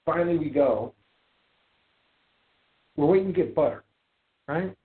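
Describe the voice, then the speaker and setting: Animated ranting man on tinny audio. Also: on the high side, unhurried. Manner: animated ranting storyteller, gets loud and indignant. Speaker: podcast host. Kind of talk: casual call-in show chat.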